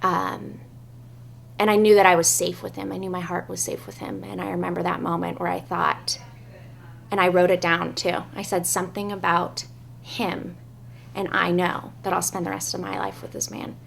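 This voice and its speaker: Young bride sharing her love story and vows: tender and earnest, a touch of fry, faint hiss behind. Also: fairly low pitch. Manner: tender, earnest, with frequent "um" pauses. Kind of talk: heartfelt storytelling and wedding vows.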